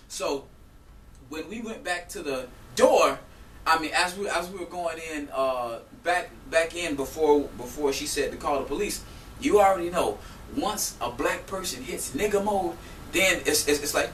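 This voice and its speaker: A man's voice: a little high, moderate pace. Guy ranting about getting scammed, aave, playing both sides of the fight, roomy echo, mic kinda far, faint room hum. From South Florida. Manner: animated, profane, acts out both sides of an argument. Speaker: vlogger telling a story. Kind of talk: heated storytelling rant.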